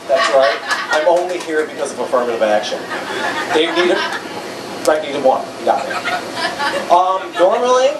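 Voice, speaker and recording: A man's voice: a little high, very noisy. A young man doing a stand-up comedy set in a bar, self-deprecating and chatting with the audience. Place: bar stage before a live audience. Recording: echoey bar room from far off, loud crowd.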